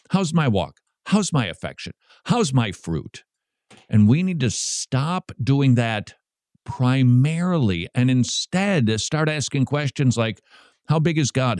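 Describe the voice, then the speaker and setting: Animated male Christian radio host. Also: medium pitch, dry recording, studio quality. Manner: emphatic, rapid rhetorical questions, wry asides. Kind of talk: preaching talk show segment.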